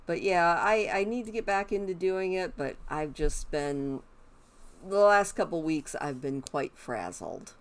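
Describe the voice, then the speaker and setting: Woman streamer, low-pitched, unhurried, rambling chat at a desk mic. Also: lively intonation. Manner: chatty, rambling, talks to her pet raccoons in a cooing voice. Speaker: gaming streamer. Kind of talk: casual chat while streaming.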